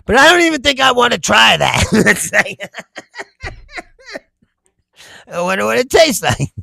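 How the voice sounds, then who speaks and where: Man, livestream host, high gravelly voice, bright tense tone, laughs and swears a lot. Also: unhurried, dry recording. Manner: laughs often, swears freely, animated. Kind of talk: casual livestream chat, reading viewer comments.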